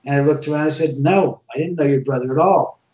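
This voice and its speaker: A man telling an animated first-person ghost story in casual talk, acting out the dialogue as he goes. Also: fairly high pitch, fast. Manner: animated, acts out quoted dialogue. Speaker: homeowner telling ghost stories. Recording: roomy, distant, dull sound.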